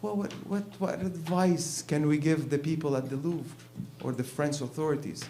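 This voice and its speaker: A man's voice: on the high side, steady tone, moderate pace, warm tone. A man performing a stand-up comedy set on a live stage, in a rambling, irreverent way. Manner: rambling and irreverent, many "you know"s.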